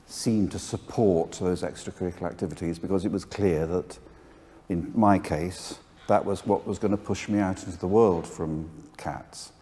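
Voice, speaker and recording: A man's voice: low voice, mellow, slight background noise. A man in his sixties, a composer and guest, reminiscing in an anecdotal way with some restarts. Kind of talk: conversational reminiscence on stage. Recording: long hall reverb.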